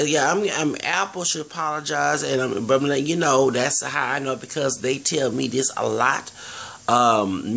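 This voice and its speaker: Texan guy w/ a real gravelly voice, rambling on earnestly to camera, lots of restarts. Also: medium pitch, a bit bright. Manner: earnest, digressive, many restarts and fillers. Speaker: vlogger.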